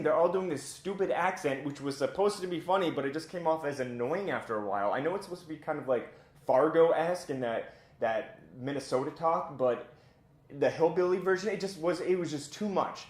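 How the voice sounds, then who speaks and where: A man's voice: fairly high pitch, expressive, a little fast, reverberant. A man giving a casual, blunt and opinionated spoken film review as host of his own channel, chatty with plenty of filler words.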